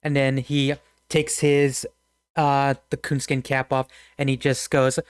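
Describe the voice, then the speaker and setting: A man's voice: mid-range voice, little pitch movement, takes it slowly, clear, resonant tone, no room sound, clean studio sound. Laughing man running a tabletop game. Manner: laughs often, rambling storyteller. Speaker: game master. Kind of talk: narrating a tabletop game with character voices.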